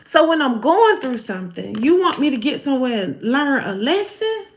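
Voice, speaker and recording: Animated, folksy spiritual reader woman. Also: high-pitched, normal speed. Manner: animated, preachy, humorous, folksy. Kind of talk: live-stream spiritual talk.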